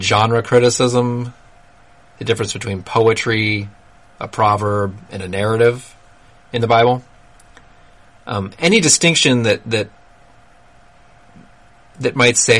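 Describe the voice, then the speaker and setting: A man hosting a solo talk, explaining ideas in a measured, critical way with dry asides. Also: lowish voice, fairly bright tone. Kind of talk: solo commentary monologue.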